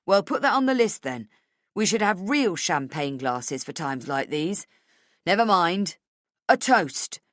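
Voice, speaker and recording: A woman's voice: on the low side, very animated, a little slow, no echo, studio quality. A woman voicing a brash, cheerful male newspaper boss in an audiobook. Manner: hearty, celebratory.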